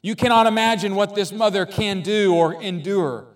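A preacher reading as the Lord, proud and tender. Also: male voice, high voice, normal speed, far from the mic, pitched above the performer's own voice, natural voice. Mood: eager.

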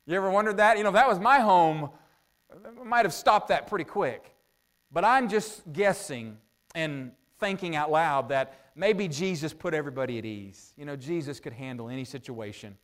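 High-voiced male preacher thinking aloud. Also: lively intonation. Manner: conversational, asks the audience rhetorical questions; thinks out loud with frequent "uh" pauses. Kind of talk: sermon.

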